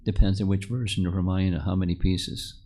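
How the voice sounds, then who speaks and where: Low-voiced man telling scripture stories. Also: brisk, dark tone, breathy edge. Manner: storytelling, asks the audience questions; restarts and repeats words often. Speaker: spiritual teacher. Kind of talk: scripture class to a live group.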